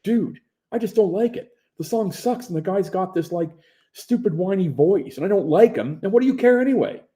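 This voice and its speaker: A man's voice: on the high side, lively intonation, brisk, warm tone, pitched above the performer's own voice. A man doing a belligerent, foul-mouthed young guy. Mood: combative. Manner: swearing, defensive, combative. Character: belligerent profane young man, arguing hotly.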